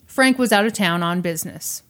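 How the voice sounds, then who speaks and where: A woman hosting a podcast, retelling a true crime story in casual chat with animated, sarcastic asides. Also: fairly low pitch, normal speed.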